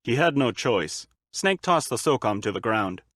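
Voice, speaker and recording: Male audiobook narrator, steady and dry. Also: mid-range voice, moderate pace, no room sound. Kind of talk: fan audiobook reading.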